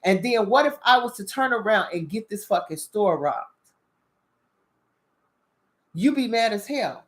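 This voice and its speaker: Woman w/ going off on a heated cussing rant, animated talk-show monologue. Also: mid-range voice, unhurried. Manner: animated, profane, heated ranting. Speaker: channel host. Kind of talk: casual spiritual commentary monologue.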